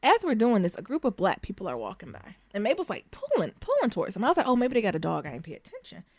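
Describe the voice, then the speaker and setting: A woman co-hosting a podcast, telling a story in a casual, animated way and breaking into laughter. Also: mid-range voice, fast talker, dry recording. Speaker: podcast co-host.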